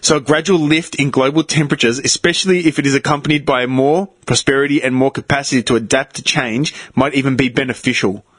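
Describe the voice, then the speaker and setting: Male co-host, relaxed and wry, mid voice, dry studio sound. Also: medium pitch, fast, few pauses, dry recording. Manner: laid-back, reads articles aloud sarcastically. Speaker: podcast co-host. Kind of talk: casual chat.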